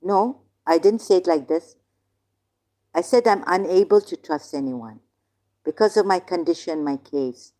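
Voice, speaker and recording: A woman's voice: on the low side, unhurried, mellow. A woman hosting a live stream, arguing heatedly with a caller and insisting again and again that her words are being twisted. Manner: insistent, repeats herself, cuts in to object. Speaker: livestream host.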